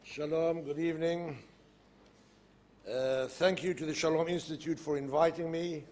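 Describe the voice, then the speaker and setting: An older man with a South African accent, giving a public lecture and telling anecdotes with lively storytelling. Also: a little high, moderate pace. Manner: storytelling, animated in jokes. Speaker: guest speaker. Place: lecture hall podium.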